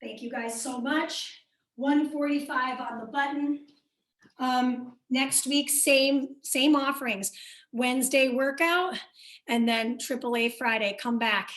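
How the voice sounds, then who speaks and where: Woman, fitness instructor, Midwestern accent, high voice, upbeat cueing, very echoey room, far from mic. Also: fairly even intonation, takes it slowly, a bit bright. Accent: American Midwestern. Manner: upbeat, cueing and encouraging class members by name. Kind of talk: live workout class instruction.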